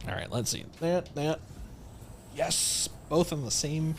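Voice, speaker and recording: A man's voice: fairly high pitch, animated, slow pace, vocal fry, background noise. A man streaming a game live, chatting in a rambling, playful way with lots of jokes and self-restarts. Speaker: livestreamer. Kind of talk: casual gameplay commentary.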